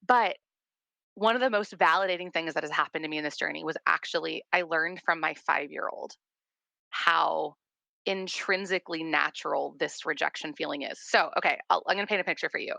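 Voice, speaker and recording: A woman in her thirties, a guest therapist, talking in an animated and earnest way, often repeating words. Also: deep voice, brisk, gravelly, no echo. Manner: animated storyteller, warm and earnest, repeats words as she talks. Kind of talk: casual conversation.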